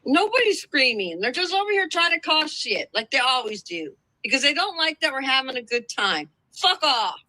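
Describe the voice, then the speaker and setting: A woman's voice: high voice, sing-song, moderate pace, hardly any pauses, pushed and bright, no echo, low-quality recording. A woman on a casual live stream, ranting defiantly and swearing a lot.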